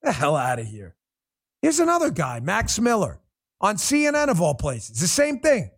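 A man with a very high-pitched, wildly swinging voice hosts a political livestream. He rants in a blunt, profane, exasperated way and talks straight to his chat. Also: huge pitch swings, normal speed, breathy edge. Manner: addresses viewers in the chat directly. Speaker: political commentary host. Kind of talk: livestream commentary rant.

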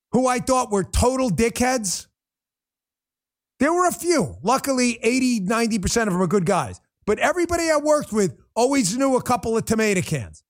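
A man hosting a political livestream, ranting bluntly and profanely and talking straight to viewers in the chat. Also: very high voice. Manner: addresses viewers in the chat directly. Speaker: political commentary host. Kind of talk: livestream commentary rant.

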